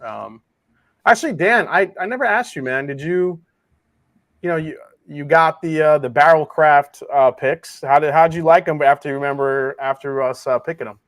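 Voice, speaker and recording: A man with a slightly raised pitch talks in a casual group conversation, with a dry, close sound. He is relaxed and hesitant, pausing on fillers often. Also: no echo. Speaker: panelist.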